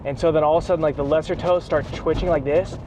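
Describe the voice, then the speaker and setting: Animated man telling a story. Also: on the high side, quick pace, noisy background. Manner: casual slang, calls listener bro and dude; excited, animated retelling. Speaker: vlogger, athlete. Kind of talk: casual vlog storytelling.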